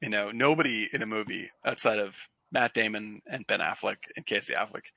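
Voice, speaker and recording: A man from Cape Cod talks in a loose, rambling way, piling up fillers and restarts. His voice is gravelly and bright-edged with a husky grain. The sound is close and dry. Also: fairly low pitch, fairly quick, no room sound. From Cape Cod, Massachusetts. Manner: rambling, many fillers and restarts, bursts of laughter. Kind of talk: casual chat.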